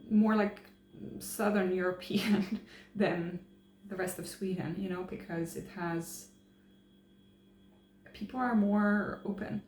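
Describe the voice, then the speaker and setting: A woman's voice: mid-range voice, fairly even intonation, slow pace, pauses often, darkish tone. A woman chatting casually to camera, hesitant, with many fillers and restarts. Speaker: travel vlogger. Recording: roomy echo, faint hum.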